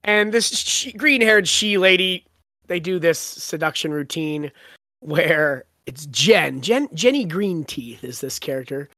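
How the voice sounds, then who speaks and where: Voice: medium pitch, lively intonation, unhurried, bright, forceful tone, no room sound. Chatty book podcast host, dry close mic. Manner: laughing, retells scenes with quoted lines. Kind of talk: casual book discussion.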